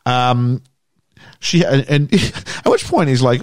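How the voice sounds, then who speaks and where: A man's voice: medium pitch, lively intonation, slow, dry recording, studio quality. A man hosting a casual podcast chat, recapping a movie in a jokey, storytelling way. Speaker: podcast host recapping a film.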